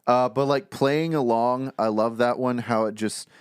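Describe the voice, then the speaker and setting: A man co-hosting a podcast in casual chat, halting and repeating words, quick to laugh. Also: mid-range voice, fairly even intonation, clear, resonant tone, no echo, clean studio sound. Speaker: podcast co-host.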